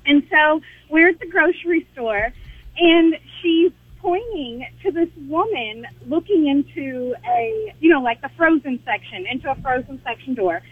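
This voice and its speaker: A woman calling into a radio show, telling a funny story in an animated way. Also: sits high, measured pace, no room sound. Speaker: caller. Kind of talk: storytelling on a phone call. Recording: dry, tinny phone line.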